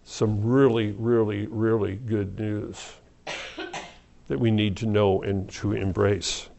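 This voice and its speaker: Halting, conversational male preacher. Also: lowish voice, flat delivery, creaky. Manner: conversational, halting, with restarts and soft laughs. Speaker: pastor. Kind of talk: evening Bible study sermon.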